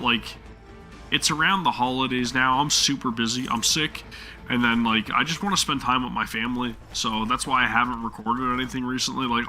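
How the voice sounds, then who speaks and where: A man's voice: medium pitch, bright, forceful tone. A young man, a gaming YouTuber, rambling casually about his backlog. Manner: rambling, filler-heavy.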